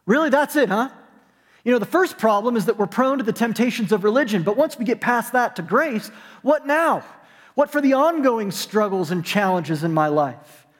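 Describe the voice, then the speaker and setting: A man delivers a sermon in a church sanctuary, his voice sitting high for a man. He preaches with animation, breaking into acted-out asides. A long reverb trails each phrase through the hall. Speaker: pastor.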